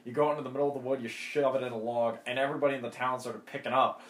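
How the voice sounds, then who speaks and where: A man's voice: mid-range voice, loud music behind the voice. A young man in casual chat as a podcast co-host, joking and spinning a bit. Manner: quick, lively, joking. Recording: roomy echo.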